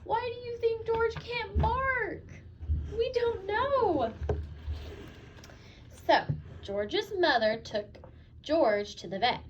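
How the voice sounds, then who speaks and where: A woman teacher reading picture books aloud to a child in an animated, encouraging way, asking questions as she goes. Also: very high-pitched, drawn-out words, pauses often. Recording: slightly dull, faintly noisy recording.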